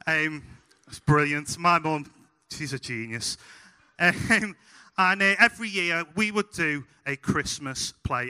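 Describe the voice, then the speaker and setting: Scouse man preaching, funny storytelling, bright forceful voice, church hall reverb, fairly high pitch. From Liverpool, England. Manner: humorous, animated anecdotes. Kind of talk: sermon with storytelling.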